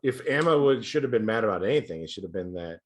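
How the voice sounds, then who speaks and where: A man's voice: fairly low pitch, expressive, fast talker. A man co-hosting a podcast, chatting casually with a wry, joking manner. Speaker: podcast co-host. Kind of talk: casual chat.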